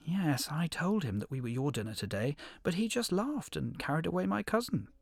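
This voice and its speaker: A man's voice: a little high, sing-song, a little fast, vocal fry, no room sound, clean studio sound, pitched above the performer's own voice, exaggerated voice. A man playing a sly, clever little hare. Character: small clever male hare, cool and crafty.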